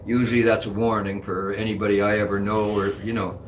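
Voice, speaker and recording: A man's voice: lowish voice, level tone, fast talker, slight background noise. A man co-hosting a casual talk stream, speaking indignantly and repeating his points. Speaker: co-host. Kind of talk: casual chat.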